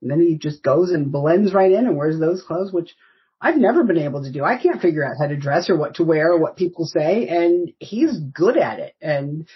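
A woman's voice: sits low, animated, normal speed, breathy edge, highs cut off. A woman in her fifties from the United States, a podcast guest telling rambling, anecdotal stories in casual interview chat. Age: 50s.

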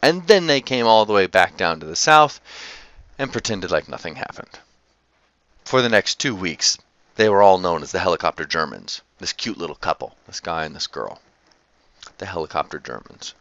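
A man's voice: lowish voice, fairly bright tone, no room sound. A man telling a travel story in a casual, sarcastic, comic way, often laughing as he goes. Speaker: storyteller recounting travel anecdote. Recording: dry, slightly dull recording.

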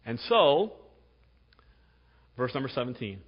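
A man's voice: a little high, animated, normal speed. A man in his forties preaching a sermon as pastor, chatty and jokey, often tagging "right?". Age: 40s. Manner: conversational, jokey, repeats "right?". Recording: dull sound with long hall reverb.

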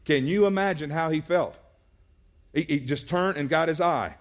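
A man's voice: a little high, moderate pace. A male pastor preaching a sermon at a church service, earnest, often restarting his words.

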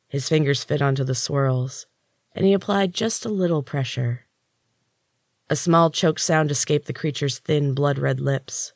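A man, a podcast host and author, narrating his own dark fantasy story in a measured, even way. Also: a little high, vocal fry, no echo, clean studio sound.

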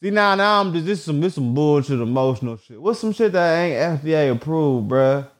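A man talking alone in casual commentary, reading search results aloud haltingly and joking with lots of swearing. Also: on the high side, expressive. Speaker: vlogger.

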